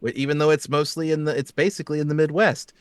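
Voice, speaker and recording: A man talks in a casual live-stream chat, sharing his opinions freely. His voice sits a little on the high side for a man. The sound is dry and close-miked. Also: steady tone, quick pace, clear, resonant tone, no room sound. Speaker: stream co-host.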